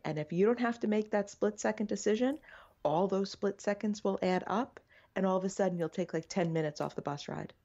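A woman co-hosting a podcast, trading quick jokes in casual chat. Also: medium pitch, warm tone, dull audio. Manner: jokey, quick quips. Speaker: podcast co-host.

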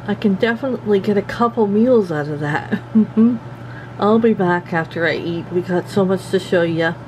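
A woman's voice: mid-range voice, moderate pace, a little mellow, slight background noise, poor audio. A middle-aged woman from Canada hosting a casual vlog, giggling often and talking to her viewers like friends. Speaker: vlog host.

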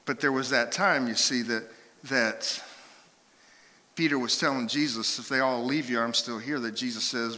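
A man preaching a sermon as pastor, playful and lively with his congregation. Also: mid-range voice, normal speed. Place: church sanctuary. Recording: hall reverb in a church sanctuary.

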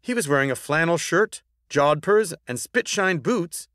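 A man narrating a children's time-travel story in a scripted, expressive reading. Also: on the high side, normal speed, hardly any pauses, no room sound, studio quality.

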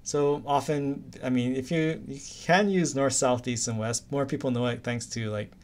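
A man from Hawaii lectures on anatomy in a recorded class, speaking at normal speed with a steady, medium-pitched voice. His style is casual and talkative, and he uses silly stories to help students remember.

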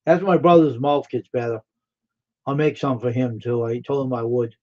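A man's voice: mid-range voice, fairly even intonation, moderate pace, a little mellow. Rambling man on a lo-fi live stream. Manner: rambling and friendly, full of fillers and repeats. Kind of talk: casual live stream chat with viewers. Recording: dull lo-fi stream audio.

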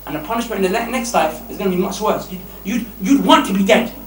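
A man preaching a lively sermon to young men, emphatic and animated, often laughing mid-sentence. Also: sits high, quick pace. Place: mosque hall. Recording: echoey hall, distant mic, faint hiss.

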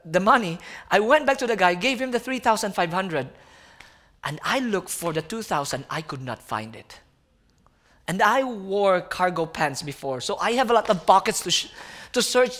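A young man delivers a sermon as a guest speaker, spinning a personal story with animated energy. His voice sits fairly high for a man. He keeps turning to the listeners and calling them friends. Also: normal speed.

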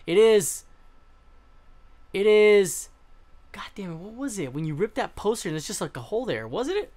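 A man's voice: sits high, expressive, brisk, a little mellow. A young man giving casual let's-play commentary, rambling, swearing freely and often trailing off mid-thought. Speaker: gaming channel host.

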